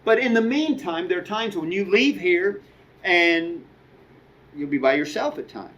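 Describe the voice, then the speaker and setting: A man's voice: high voice, lively intonation, a little slow, a bit bright, highs cut off. A middle-aged man preaching a sermon as a guest speaker, conversational, with asides and quoted dialogue.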